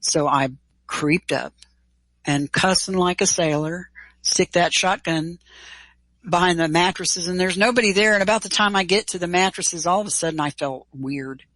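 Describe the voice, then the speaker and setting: A middle-aged woman telling a personal story in an interview, animated and casual, acting out quoted dialogue. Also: fairly low pitch, normal speed, no room sound, rough recording. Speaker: guest.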